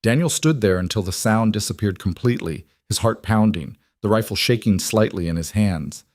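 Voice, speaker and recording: A man narrating a scripted story in a measured, even storytelling manner. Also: fairly low pitch.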